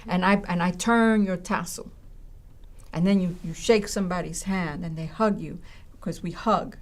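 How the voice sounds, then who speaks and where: A woman with a somewhat low voice, speaking at an even, moderate speed, shares a story in conversation; she teaches at a college. Her delivery is animated, full of acted-out voices, with frequent check-ins like "right?" and "you know."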